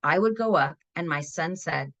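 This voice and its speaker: A woman's voice: low-pitched, lively intonation, normal speed, a bit bright. A middle-aged woman giving a parenting webinar, talking in an earnest, conversational way and often checking in with "right?". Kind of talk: webinar presentation.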